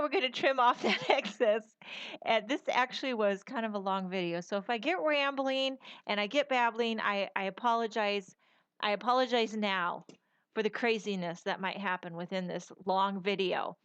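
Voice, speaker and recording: A woman's voice: mid-range voice, fairly bright tone, smooth, dry recording. A middle-aged woman hosting a casual papercraft tutorial, chatty and folksy, rambling with fillers as she works. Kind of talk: casual crafting tutorial voice-over.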